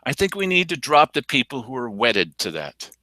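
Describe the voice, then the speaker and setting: A man hosts a local commentary show with a lot of movement in his voice, rising and falling as he talks. He mocks the people he quotes. His tone is bright and sharp, recorded dry and close. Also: medium pitch, big pitch swings, moderate pace, dry recording. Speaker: local news show host. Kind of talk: casual commentary on local politics.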